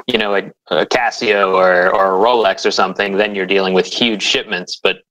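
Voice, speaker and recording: Lower-voiced man, measured co-host. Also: fairly even intonation, sharp tone, poor audio. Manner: measured, informative asides. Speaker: podcast co-host. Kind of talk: casual podcast chat.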